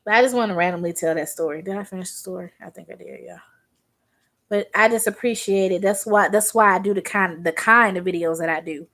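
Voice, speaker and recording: A woman's voice: mid-range voice, fairly quick, fairly bright tone. A young woman from Arkansas doing her makeup on camera, talking in a rambling, conversational way and telling a story. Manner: rambling and conversational, Southern slang. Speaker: beauty vlogger. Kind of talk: chatty makeup tutorial storytelling.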